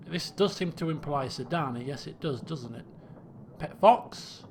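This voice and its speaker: Gravelly streamer. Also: male voice, on the high side, animated, background noise. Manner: exasperated, sarcastic, quick asides. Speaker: game streamer. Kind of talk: let's play commentary.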